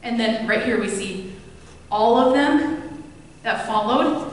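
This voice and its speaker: Woman pastor, conversational sermon, slightly high voice, reverberant church hall, distant mic. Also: slow, a little hiss or hum. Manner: conversational storytelling, retells scripture in casual voices.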